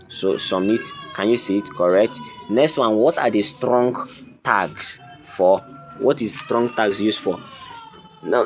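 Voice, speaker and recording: A man with a somewhat low voice talks over a screen recording of a coding lesson. He goes step by step like a patient teacher and keeps asking whether you can see it. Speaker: coding tutorial host. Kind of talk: screen-recorded tutorial walkthrough.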